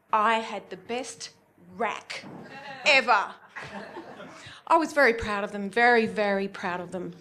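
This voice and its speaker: A woman with an Australian accent telling a self-mocking comic story on stage at a live event. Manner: animated, self-mocking, with big swoops into high exclamations.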